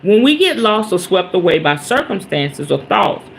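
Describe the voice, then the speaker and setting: A woman hosting a podcast, telling a story in casual talk about mindfulness. She is animated and emphatic, uses salty slang and swearing, and keeps checking in with her listeners. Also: mid-range voice, moderate pace, gravelly. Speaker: podcast host.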